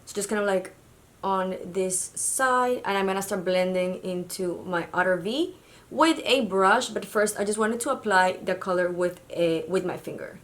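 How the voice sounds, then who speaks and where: A woman from Mexico talks through her makeup routine as a beauty vlogger. She speaks in a mid-range voice, casual and chatty, with little hesitations. She sounds friendly and unhurried. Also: mid-range voice. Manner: chatty and casual, with fillers like "kind of like". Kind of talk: makeup tutorial narration.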